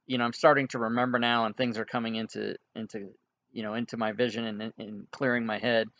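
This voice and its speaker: A man's voice: mid-range voice, flat delivery, fast talker, a bit bright, close to an everyday voice. Man doing a confused stammering cleric, apologetic, dull lo-fi sound, tabletop game voice. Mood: confused, grateful. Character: dazed middle-aged male cleric recovering lost memory.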